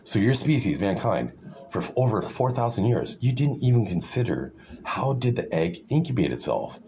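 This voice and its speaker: Low, gravelly man ranting to camera, sarcastic and condescending, swings his pitch widely. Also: a little mellow, slight background noise. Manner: sarcastic, condescending, full of fillers and restarts. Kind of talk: rambling monologue.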